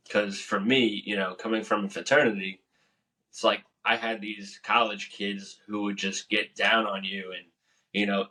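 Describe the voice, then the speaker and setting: A man's voice: fairly low pitch, pushed and bright. A young man, a Navy veteran, telling boot camp stories in a casual, profane, laughing way. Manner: laid-back, profane, laughs often. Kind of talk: casual storytelling. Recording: voice a bit far from the mic.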